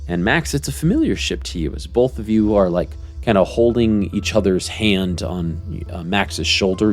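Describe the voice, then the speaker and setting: A man narrating a tabletop role-playing game as game master, describing scenes with frequent fillers. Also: sits low.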